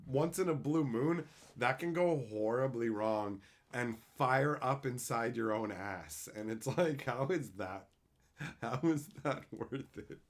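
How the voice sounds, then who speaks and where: A man chatting casually with his livestream viewers, crude and joking, swearing freely as he tells animated bits. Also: medium pitch. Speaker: streamer answering chat.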